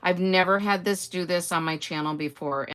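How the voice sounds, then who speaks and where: An older woman with a somewhat low voice, chatting casually through a live stream. She greets viewers by name and answers their comments in a friendly, rambling way. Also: steady tone, moderate pace, fairly bright tone. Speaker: host.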